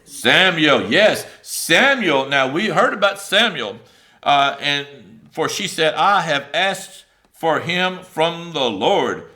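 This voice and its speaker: Bright-voiced male preacher, animated. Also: a little high, takes it slowly. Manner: conversational, animated preaching with many fillers; reads scripture aloud and paraphrases it. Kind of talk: sermon.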